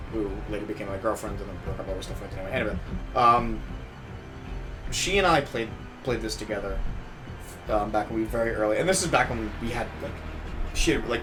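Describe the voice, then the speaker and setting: Young man ranting with profanity. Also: on the low side. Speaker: podcast host. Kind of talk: casual gaming podcast chat. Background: music.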